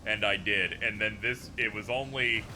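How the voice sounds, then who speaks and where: A man's voice: fairly low pitch, fairly even intonation, normal speed, sharp tone, a little hiss or hum. A man streaming a video game live, chatting casually as he reads viewers' posts aloud, laughing often and swearing freely.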